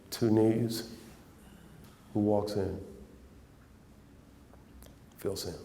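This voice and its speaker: A man telling an animated story as an interview guest, acting out the other voices and breaking into laughter. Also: lowish voice, gravelly, slight background noise. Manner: animated anecdote with quoted voices, laughing, restarts.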